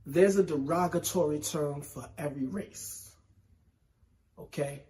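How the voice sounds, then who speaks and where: A man from New York City hosting a solo hip hop show, with a New York accent, talking slowly and emphatically in casual commentary. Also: on the high side, a little mellow. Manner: slow, emphatic, conversational with repetition. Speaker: podcast host.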